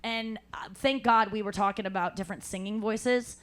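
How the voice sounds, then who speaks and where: A woman hosting a live podcast, telling an animated story and acting out other people's lines, laughing often. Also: mid-range voice, normal speed, smooth. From St. Louis. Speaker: podcast host. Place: live show at a cafe.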